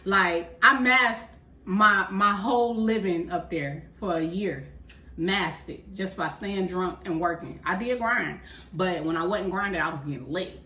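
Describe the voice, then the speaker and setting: A woman co-hosting a podcast, telling a personal story in a casual, animated way and acting out what others said. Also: on the low side, measured pace. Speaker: podcast co-host. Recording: echoey room, mic at a distance.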